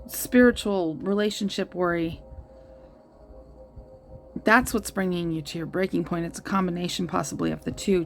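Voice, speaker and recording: A woman giving a tarot reading to her viewers, earnest and reassuring, thinking aloud as she lays out the cards. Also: on the low side. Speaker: tarot reader.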